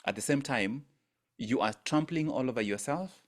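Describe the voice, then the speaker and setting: A man's voice: mid-range voice, expressive, moderate pace. A man coaching an online mindset workshop, speaking emphatically and repeating phrases for effect. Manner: emphatic, repeats phrases for effect, rises sharply on quoted lines. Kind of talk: teaching talk. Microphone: video call.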